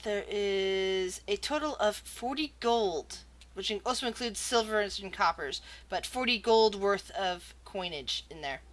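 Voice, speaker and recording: A woman narrating a tabletop game as game master, in a lively, halting way with frequent restarts. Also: mid-range voice, a little hiss or hum.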